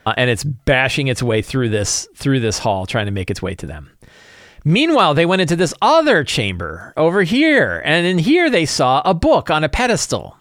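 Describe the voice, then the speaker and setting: A man's voice: fairly high pitch, wildly swooping pitch, normal speed, fairly bright tone, dry recording, clean studio sound. A man preparing his tabletop game session, rambling with many restarts in casual talk. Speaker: game master.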